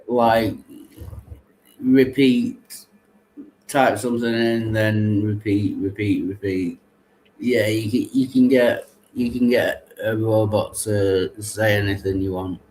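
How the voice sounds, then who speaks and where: A man's voice: on the low side, fairly even intonation, slow pace, darkish tone, a little hiss or hum, rough recording. A man in a casual Bible discussion who asks questions and agrees readily, often hesitating mid-sentence. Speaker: discussion partner asking questions.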